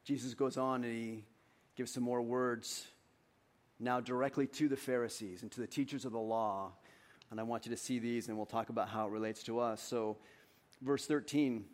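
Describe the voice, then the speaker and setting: A middle-aged man, a pastor, preaching a sermon with animated personal stories and earnest scripture reading. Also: mid-range voice. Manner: storytelling, animated anecdotes then earnest reading.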